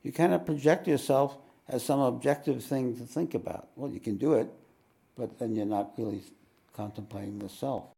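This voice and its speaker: A gravelly, darkly mellow male voice, thick with vocal fry. He teaches a live satsang at an ashram, musing reflectively and slipping in wry jokes between his points. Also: mid-range voice, normal speed. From New York. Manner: reflective, with wry joking asides. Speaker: spiritual teacher. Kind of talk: live satsang talk with readings. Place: ashram meeting hall.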